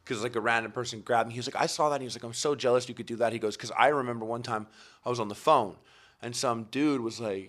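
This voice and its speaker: A Canadian man, a podcast guest, chatting casually and acting out gruff exchanges as he tells stories. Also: mid-range voice, steady tone, quick pace, a bit bright. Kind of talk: casual chat.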